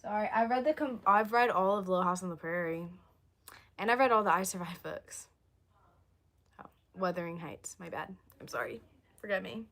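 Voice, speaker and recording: A young woman chatting on a livestream, rambling and answering viewer comments, her voice going hoarse. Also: mid-range voice, a little fast, fairly bright tone. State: losing her voice, coughing. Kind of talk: casual livestream chat.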